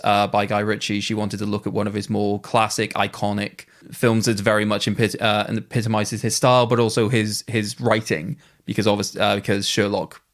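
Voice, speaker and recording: A man co-hosting a casual film podcast, rambling and correcting himself as he talks. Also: on the low side. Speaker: podcast co-host.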